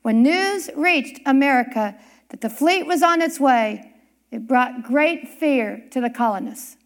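A high-pitched woman delivers a sermon story at an unhurried pace. She lingers on words and pauses for drama, building the tale phrase by phrase. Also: expressive. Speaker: church speaker.

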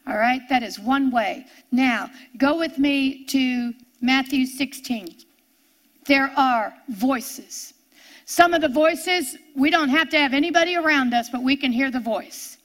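A woman's voice: high voice, a bit bright. A woman preaching a sermon, emphatic and repeating her points for force.

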